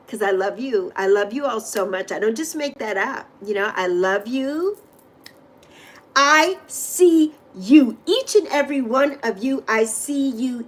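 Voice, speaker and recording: High-voiced effusive woman livestreamer. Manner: effusive, repetitive, emotional; speaks directly to viewers. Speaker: livestream host. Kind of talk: heartfelt livestream chat. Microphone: desk microphone.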